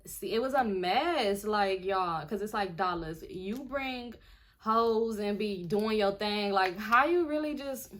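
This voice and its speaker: A young woman vlogger telling a story in a casual, animated and profane way, often sounding indignant. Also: mid-range voice, slow pace.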